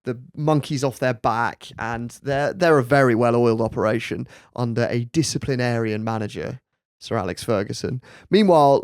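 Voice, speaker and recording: A man hosting a podcast, telling a story in a relaxed, chatty way with laughing asides. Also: medium pitch, no echo, clean studio sound. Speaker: podcast host. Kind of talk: casual storytelling chat.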